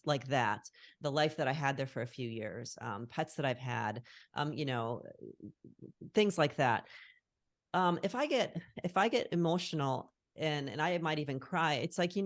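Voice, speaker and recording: Middle-aged woman, strikingly low voice, dry close sound, earnest and reflective call guest. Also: no room sound. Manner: earnest, reflective, searching for words. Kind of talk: casual conversation on a call. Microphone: call recording.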